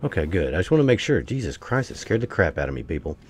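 A man's voice: sits low, sing-song, fast talker, a little hiss or hum. A man giving casual gameplay commentary, swearing freely and grumbling to his viewers as he plays. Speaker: gameplay streamer.

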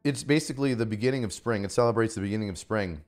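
A man hosting a casual stream, roasting his guest with loud mock-angry rants and heavy swearing. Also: on the low side, rapid-fire, faint music behind. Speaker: podcast host.

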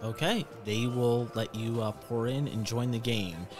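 A man's voice: medium pitch, unhurried, over music. A man narrating as game master of a tabletop role-playing game, in a loose, joking way with filler words.

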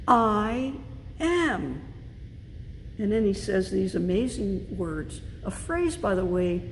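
Slow, deliberate woman pastor preaching. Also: a little high, darkish tone. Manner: measured, deliberate preaching with emphatic stresses. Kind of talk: sermon. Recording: long reverb with faint background noise.

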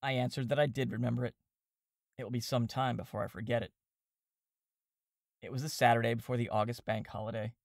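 A man narrating a classic comic novel in a steady, wry storytelling manner, voicing the characters as he goes. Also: mid-range voice, a little fast, creaky, long pauses, dry recording, studio quality. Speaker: audiobook reader and podcast host.

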